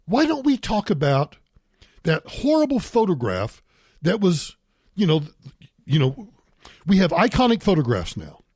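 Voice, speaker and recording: A man's voice: high voice, huge pitch swings, measured pace, long pauses, darkish tone, slightly rough, no room sound, clean studio sound. An older man hosting a talk show, delivering an emphatic political monologue and repeating points for stress. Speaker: radio talk show host.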